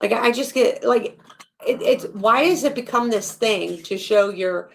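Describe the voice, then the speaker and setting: A woman host talking in a loose, unscripted rant to her viewers. Her voice has a gravelly, creaky edge, and she sounds blunt and indignant, swearing freely as she goes. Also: a little high, a little slow. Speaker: channel host. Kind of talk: casual ranting livestream chat.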